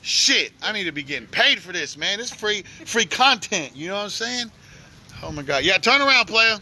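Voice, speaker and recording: Excitable high-voiced man streaming outdoors. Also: normal speed. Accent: Oklahoma. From Oklahoma. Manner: excitable, loud, joking slang. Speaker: livestreamer. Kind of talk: casual live commentary. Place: outdoors by a flooded street at night.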